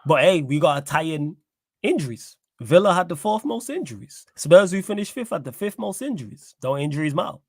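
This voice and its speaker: A man, co-hosting a casual football podcast as a Manchester United fan, animated and slangy, often cutting in. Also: on the high side, no echo, clean studio sound. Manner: animated, talks fast and interrupts, slangy.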